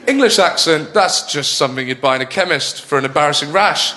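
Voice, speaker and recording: High-voiced stand-up comedian with laughing crowd. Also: male voice, animated. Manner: chatty, self-mocking, quick asides. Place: comedy club stage with live audience. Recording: roomy hall with crowd.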